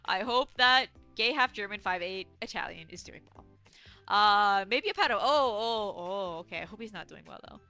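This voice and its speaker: A woman's voice: medium pitch, animated, moderate pace, pushed and bright, faint music behind. A young woman livestreaming as she plays a game, rambling through stories and chat with plenty of swearing, her throat dry and a little sore. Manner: rambling, chatty storytelling with frequent swearing. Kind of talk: casual chat while gaming.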